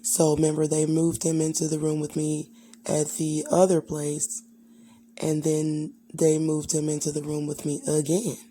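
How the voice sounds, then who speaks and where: A woman's voice: low voice, completely flat delivery, a little slow, dark tone, slight background noise. A young adult woman candidly telling a personal childhood story, rambling and full of fillers. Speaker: vlogger.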